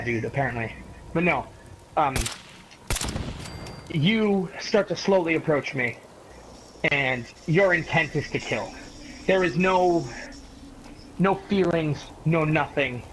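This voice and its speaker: A young man casually telling a long story to a friend in a rambling, profane, animated way. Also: on the high side, slight background noise, rough recording.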